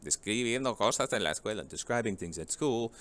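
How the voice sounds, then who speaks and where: A man's voice: on the low side, expressive, quick pace, fairly bright tone. A man teaching a Spanish vocabulary lesson, reading each English word and then its Spanish match, and asking the class rhetorical questions.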